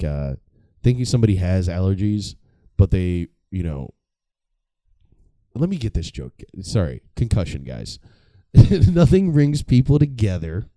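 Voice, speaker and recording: A man's voice: low voice, mellow, dry recording. A young man doing a casual, profane comedic monologue, rambling and mocking himself. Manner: rambling, profane, self-mocking, laughs at own jokes. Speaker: comedy podcast host.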